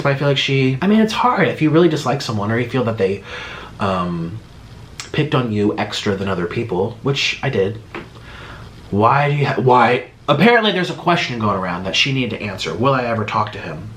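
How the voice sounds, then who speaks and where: A man's voice: medium pitch, fairly bright tone. A man reacting to a video in casual commentary, rambling and restarting his sentences with sarcastic asides. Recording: echoey room with faint noise.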